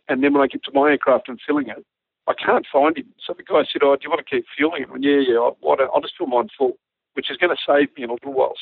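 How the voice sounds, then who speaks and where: A man, a former army helicopter pilot, telling an animated story with frequent laughter. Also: medium pitch, vocal fry, husky, dry recording. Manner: animated storyteller, often laughing while talking. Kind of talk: casual storytelling. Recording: dry tinny phone-like audio.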